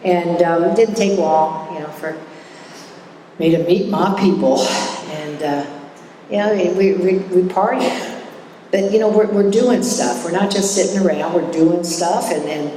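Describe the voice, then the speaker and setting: A woman's voice: lowish voice, measured pace, mellow, far from the mic, slight background noise. A middle-aged woman speaking at a recovery meeting, candid and self-mocking, chatty with frequent restarts. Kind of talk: personal recovery talk. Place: meeting hall. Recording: echoey hall recording from afar.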